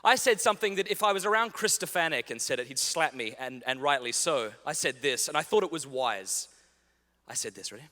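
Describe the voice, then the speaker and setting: A man's voice: a little high, fairly quick. A man in his thirties giving a humorous keynote talk, telling stories and acting out bits of dialogue. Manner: animated, comic, acts out dialogue. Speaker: keynote speaker. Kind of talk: humorous storytelling keynote speech. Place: large conference hall. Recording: big hall with long reverb.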